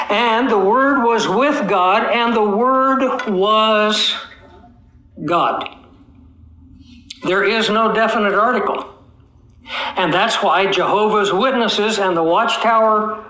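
A man preaching an expository sermon, teaching his congregation, asking them questions and slowing down to stretch key words for emphasis. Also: high voice, pushed and bright. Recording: echoey room.

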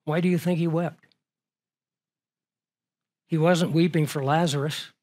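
A man delivers a sermon in a fairly high voice. He is earnest and works through rhetorical questions, letting his volume swell and then drop low for emphasis. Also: steady tone, measured pace, darkish tone. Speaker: preacher.

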